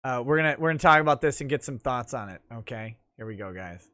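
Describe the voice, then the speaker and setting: A man's voice: medium pitch, animated, quick pace, pushed and bright, clean tone. A man hosting a casual livestream talk show, wry and easygoing, often chuckling. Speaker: host.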